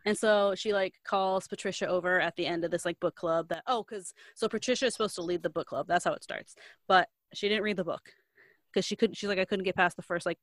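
A young woman with a slightly low voice tells a story in a loose, rambling way, filling every gap with "like" and tossing in slangy asides. The sound is dry and close, with no room around it. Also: a little fast, dry recording. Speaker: podcast co-host recapping a book. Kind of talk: casual storytelling chat.

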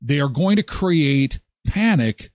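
Male daily-show host, animated, amused, dry close mic. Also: fairly high pitch, slow pace, no echo. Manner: animated, amused, thinking aloud. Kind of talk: casual commentary on videos.

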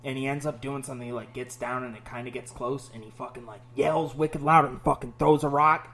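Profane, animated New storyteller man. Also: medium pitch, fairly quick. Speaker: podcast host. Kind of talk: casual chat.

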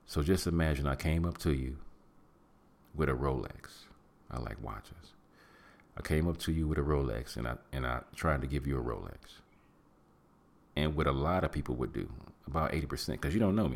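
A middle-aged man hosting a podcast, giving animated, preachy advice in casual talk and acting out what people say. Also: very deep voice, brisk, gravelly. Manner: preachy, animated, acts out quotes and hums. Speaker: podcast host.

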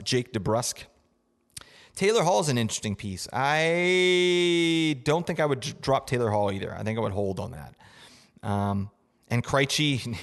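Medium-pitched with a long reverb tail, this young podcast host rambles through casual fantasy hockey advice, using plenty of fillers and frequently asking "right?"

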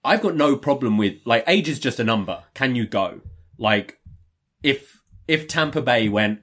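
A man co-hosting a wrestling podcast who gives his opinions in a measured, thoughtful way. He speaks at an ordinary pitch in easy, casual conversation. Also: expressive, fairly bright tone. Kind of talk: casual chat giving opinions.

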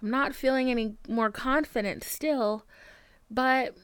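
A woman's voice: high-pitched, measured pace, a bit bright, clear, resonant tone, no room sound. A young adult woman hosting her own podcast, talking frankly and mocking herself, swearing often and filling her talk with "like". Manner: frank, self-mocking, profane, with lots of "like" fillers. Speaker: podcast host. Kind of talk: candid solo podcast monologue.

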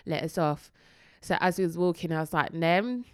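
Brief: young woman, lowish smooth voice, animated storyteller, dry close sound. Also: brisk, no room sound. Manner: animated, acts out voices in her stories. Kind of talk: casual storytelling chat.

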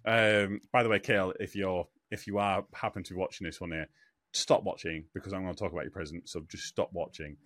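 A young man chatting on a podcast, rambling and halting with lots of fillers. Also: deep voice, fairly even intonation, a bit bright, no echo, studio quality. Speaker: podcast co-host. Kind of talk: casual chat.

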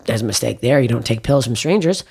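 Fast-talking blunt woman comedian. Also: very deep voice, creaky, husky. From Canada. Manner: blunt, profane storytelling with animated quoted dialogue. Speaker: comedian guest. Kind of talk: casual podcast chat.

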